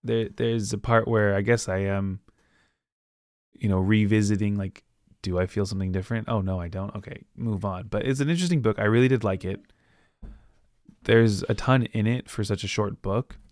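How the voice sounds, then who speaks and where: Casual low-voiced podcast host. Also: male voice, a little mellow, no echo, clean studio sound. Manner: rambling, acts out characters with quick voices. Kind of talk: casual book recap monologue.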